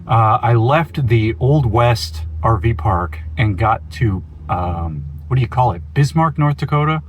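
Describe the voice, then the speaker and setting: A man's voice: medium pitch, lively intonation, a little slow, lo-fi sound, a little hiss or hum. A man from Oregon giving a casual, rambling video update from inside his van, with goofy self-mocking asides. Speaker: van life vlogger.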